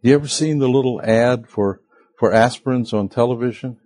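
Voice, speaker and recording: A man preaching a sermon in a slow, earnest way, sometimes rising sharply in pitch and loudness for emphasis. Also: dry recording. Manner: acts out quoted voices of listeners. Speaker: pastor.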